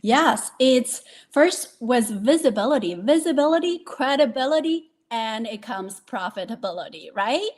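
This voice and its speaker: A woman's voice: on the high side, expressive, a little slow, hardly any pauses. A woman hosting a podcast interview, talking hesitantly with many fillers and affirmations. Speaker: podcast host. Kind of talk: casual interview chat.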